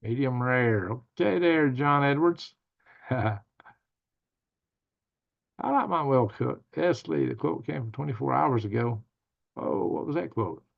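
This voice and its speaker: Gravelly man hosting a casual livestream. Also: medium pitch, animated, slow, pauses often, dull audio. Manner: reads viewer comments aloud and answers them; rambling, thinking aloud. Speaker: livestream news host.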